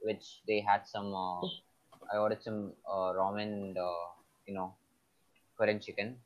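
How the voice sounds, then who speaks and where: A man's voice: on the low side, flat delivery, a little slow, muffled recording. A man chatting casually, hesitant and searching for words with many fillers. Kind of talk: casual chat.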